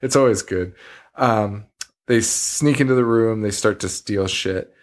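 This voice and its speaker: This horror podcast co-host has a fairly low voice and an unhurried delivery. Chatting casually through a film recap, he curses liberally, laughs often, and acts out what the characters say.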